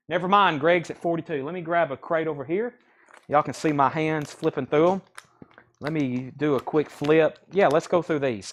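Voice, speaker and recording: A man hosting a live record sale, listing titles and prices in quick auction patter. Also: on the high side. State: out of breath.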